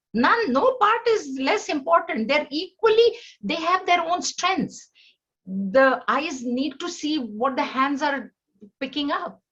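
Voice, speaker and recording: A woman teaching a scripture class, earnest, often restarting her sentences and rising in pitch to stress her points. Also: a bit bright, dull audio. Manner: earnest, repetitive, with many restarts. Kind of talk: spiritual lesson on scripture.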